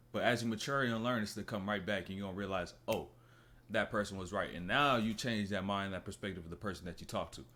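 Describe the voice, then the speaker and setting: A man's voice: lowish voice, fairly bright tone. A man reacting to a podcast clip in a casual, thoughtful, rambling way, his voice dropping off at the ends of his thoughts. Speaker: reaction video host.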